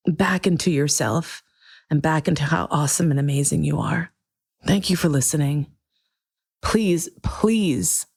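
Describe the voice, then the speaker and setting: A middle-aged woman hosting her own podcast, talking earnestly and emotionally, swearing freely, in slow, deliberate phrases. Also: sits low, gravelly, a little mellow, husky. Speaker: podcast host. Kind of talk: heartfelt solo podcast monologue.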